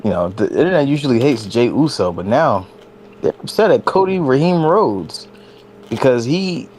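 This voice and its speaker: A man's voice: medium pitch, very animated, moderate pace, darkish tone, slight background noise. A man hosting a casual, comedic wrestling podcast, hyping up his co-hosts with jokes. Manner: joking, hype-man introductions. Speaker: podcast host.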